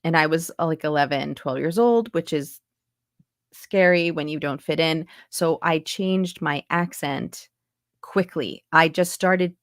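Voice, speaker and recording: Her voice sits low and unhurried as she chats, filling her talk with "like" and breaking into demonstration voices. She's a New York accent coach in her forties, American with a faint Texas tint, appearing as a guest in a casual interview over a video call. The recording is dry and studio quality.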